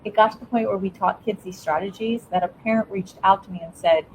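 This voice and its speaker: A woman's voice: mid-range voice, fairly quick, slight background noise, rough recording. A middle-aged woman, a former school principal, giving earnest, encouraging parenting advice as an interview guest, with frequent restarts.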